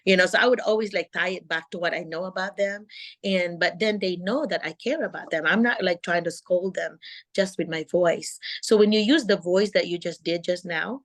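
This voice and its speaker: Middle-aged woman, host and teaching coach on a video call; calm, kind, low-pitched. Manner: calm, encouraging, acts out classroom talk.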